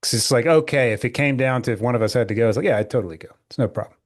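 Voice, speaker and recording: A man co-hosting a podcast over a remote call, chatting in a relaxed, rambling, sweary way. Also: medium pitch, rapid-fire, no room sound, studio quality. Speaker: podcast co-host. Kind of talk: casual chat.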